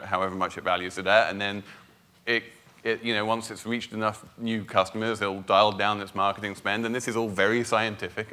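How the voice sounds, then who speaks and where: A man's voice: lowish voice, pushed and bright. A British man with a somewhat nasal voice, a finance blogger answering questions onstage, frank and opinionated with frequent restarts. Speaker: finance blogger, panel guest. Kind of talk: onstage conference Q&A.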